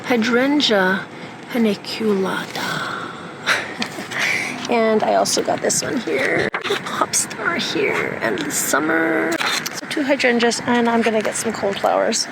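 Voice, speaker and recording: Woman, slightly high voice, chatty gardening vlog, outdoors, phone recording, clear background noise. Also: very animated, a little slow. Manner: chatty, thinking aloud about plant names. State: out of breath from the heat. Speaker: gardening vlogger. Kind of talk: casual vlog chat. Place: outdoors, at a garden center and in her backyard.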